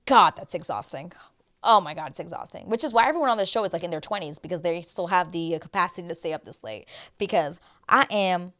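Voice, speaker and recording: A woman's voice: on the low side, fast talker. Chatty woman in her thirties. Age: 30s. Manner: chatty, animated, quotes others in playful voices. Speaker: host. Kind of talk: casual recap chat.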